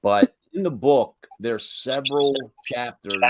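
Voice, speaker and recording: A man's voice: mid-range voice, measured pace, noisy background. A man being interviewed as a guest author on a live online show, talking in an easygoing way that drifts off course. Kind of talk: interview answers. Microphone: video call.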